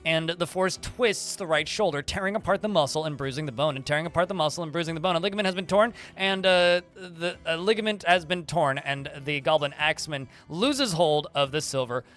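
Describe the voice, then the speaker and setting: A man's voice: fairly high pitch, fairly quick, few pauses, fairly bright tone. A man streaming a video game, reading the combat log aloud with many fillers and restarts while chatting with viewers. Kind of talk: livestream gameplay commentary.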